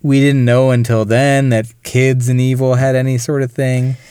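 A man's voice: mid-range voice, smooth, dry recording, studio quality. A man co-hosting a podcast, chatting casually about a film and acting out lines from it. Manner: animated, mimics characters in quick asides. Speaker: podcast co-host.

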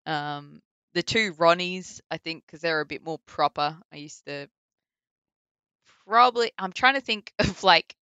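Bright, crisp-voiced Australian woman, chatty. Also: on the low side, measured pace, no room sound. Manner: chatty, full of likes and ums, laughs often. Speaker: voice actor guest. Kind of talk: casual interview chat.

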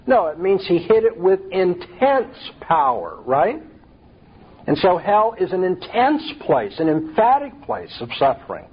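Male preacher, emphatic rhetorical sermon delivery, husky tone. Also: a little high, lo-fi sound.

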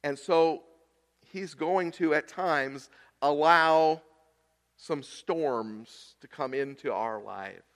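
Slow, dramatic preaching man. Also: fairly high pitch. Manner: dramatic swings between loud emphasis and hushed near-whispers; slow, deliberate delivery with long pauses. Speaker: pastor. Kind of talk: sermon.

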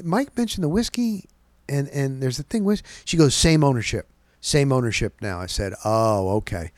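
A man in a dry, close studio sound, telling a rambling personal story in a casual podcast chat. He jumps into the voices of the people he met, rising high and loud for them, then drops back to his mid-pitched voice. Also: no echo. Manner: animated, acts out quoted voices. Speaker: podcast host.

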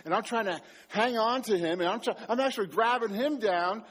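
High-voiced man preaching a sermon. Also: fairly quick. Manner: storytelling, self-mocking, animated. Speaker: pastor.

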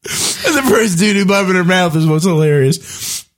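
A middle-aged man co-hosting a podcast in casual chat, earnest and quick to laugh, often breaking off mid-sentence. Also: high voice. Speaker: podcast co-host.

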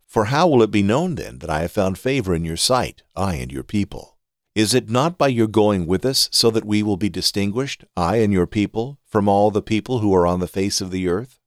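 An earnest male leader pleading with his God, as a man reading aloud voices him, low and steady. The sound is dry and close. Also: dry recording, close to an everyday voice. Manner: measured scripture reading.

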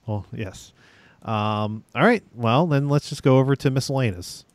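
A man's voice: medium pitch, takes it slowly, slight background noise. A man co-hosting a casual movie podcast, blunt, opinionated and sardonic. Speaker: podcast co-host.

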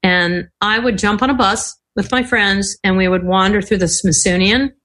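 A woman's voice: mid-range voice, steady tone, normal speed, a bit bright. An older woman, a podcast guest, telling stories in casual talk, acting out the voices she quotes and laughing often. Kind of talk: casual storytelling interview.

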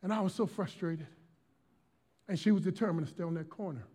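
A middle-aged male pastor from Washington, D.C., preaching a sermon in an emphatic, dynamic way, swinging between shouted lines and hushed storytelling. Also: high-pitched, a little fast, breathy edge.

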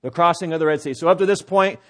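A man's voice: on the high side, quick pace, fairly bright tone. A man preaching a sermon, opening with a folksy story full of fillers and restarts, then building to emphatic preaching. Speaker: pastor.

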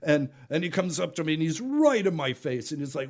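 Animated, laughing male storyteller. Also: a little high, fairly quick. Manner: animated, laughing, many fillers and restarts. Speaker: guest, juggler. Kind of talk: storytelling in casual conversation.

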